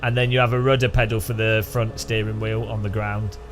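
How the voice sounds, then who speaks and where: A man's voice: fairly low pitch, little pitch movement, brisk, background noise. A man giving rambling, jokey gameplay commentary, thinking aloud. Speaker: gaming channel host.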